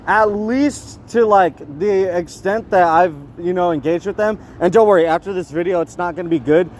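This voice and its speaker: Man, high-pitched, rambling vlog talk, outdoors, faint traffic noise. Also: a little fast. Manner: rambling, laughing, shouting bursts. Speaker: vlogger.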